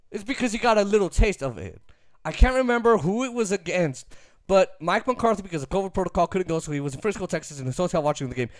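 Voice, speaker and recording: A man rants about football in an emphatic, opinionated way, hammering his points through repetition. His voice sits high and leaps up and down with energy. The sound is dry, with no room echo. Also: fairly bright tone. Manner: emphatic, repetitive, laughs easily. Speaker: sports commentator. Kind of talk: opinionated sports talk rant.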